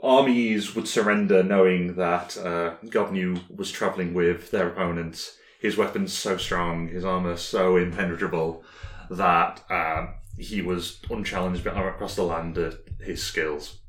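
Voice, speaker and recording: Casting: low male game master, hesitant narration, echoey room. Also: fairly even intonation. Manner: halting narration with many ums.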